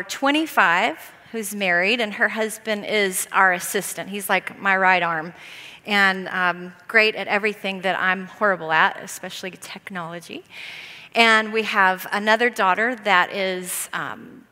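A woman's voice: mid-range voice, bright, forceful tone. A middle-aged woman from the American South with a Southern accent, speaking at a conference in a chatty, storytelling way and laughing often. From Southern United States. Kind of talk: conference talk from a stage. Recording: long reverb of a large hall.

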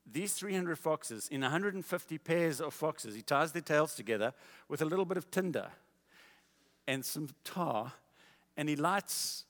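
A man preaching a sermon, telling a story in a casual, animated way. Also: on the high side, in a large hall.

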